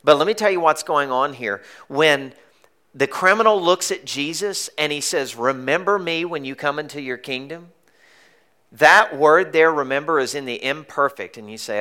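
A male pastor preaching a sermon in a conversational, joking way, sometimes dropping to a hushed, intense tone. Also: a little high, normal speed.

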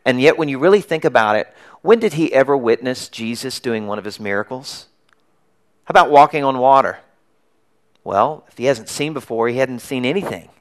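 A middle-aged man preaching a sermon as a church pastor, telling a story with lively acted-out shouts. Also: mid-range voice, moderate pace. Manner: animated storytelling, acting out the crowd's and beggar's shouts.

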